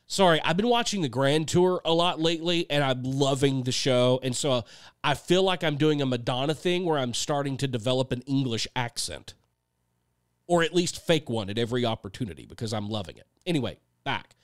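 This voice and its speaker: Blunt, animated man ranting on a podcast. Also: mid-range voice, fairly quick, smooth, no room sound, clean studio sound. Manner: blunt, sarcastic, swears freely. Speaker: podcast host and songwriter. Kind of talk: casual opinionated monologue.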